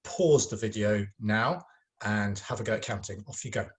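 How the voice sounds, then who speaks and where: A man's voice: on the low side, moderate pace. A man teaching a French lesson online, speaking to pupils in a patient, encouraging way with a touch of self-mocking humor.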